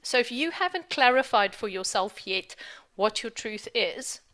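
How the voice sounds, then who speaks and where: A woman's voice: a little high, animated, measured pace, fairly bright tone. A woman talking on her spiritual vlog in a candid rant, frank and emphatic and swearing freely. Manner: emphatic, repeats for stress. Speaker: spiritual vlogger.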